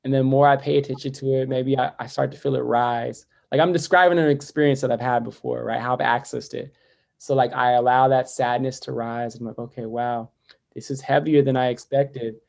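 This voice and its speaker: A man, a poet and educator, speaking reflectively as a guest in a podcast interview, with many "like" fillers and a voice that drops soft and quiet when he turns inward. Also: mid-range voice, fairly even intonation, brisk, creaky.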